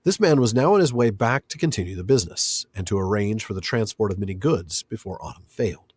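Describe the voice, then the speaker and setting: Husky, animated man co-hosting a book podcast. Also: fairly low pitch, dry recording, studio quality. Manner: animated, reads passages aloud, quick to laugh. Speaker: podcast co-host. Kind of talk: casual book discussion.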